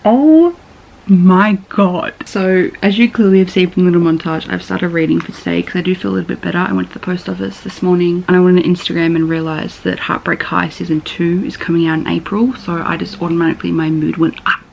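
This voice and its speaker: Chatty, gravelly-voiced woman. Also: lowish voice, quick pace, dull audio, a little hiss or hum. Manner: chatty, swears freely, swings between murmuring and excited squeals. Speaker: book vlogger. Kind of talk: casual reading vlog chat. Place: bedroom.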